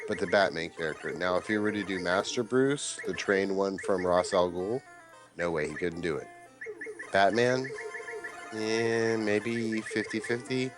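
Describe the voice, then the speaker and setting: A young man streaming a game, chatting casually and quoting people in a lively raised voice. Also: sits low. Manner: animated storyteller, quotes others in raised voice. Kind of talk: casual chat while gaming live.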